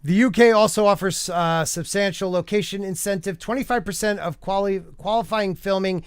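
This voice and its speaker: A man's voice: sits high, normal speed, clean tone, dry recording, clean studio sound. A man hosting a casual podcast panel chat, blunt and profane, who keeps tripping over words as he reads aloud. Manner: stumbles over words while reading aloud. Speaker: podcast host.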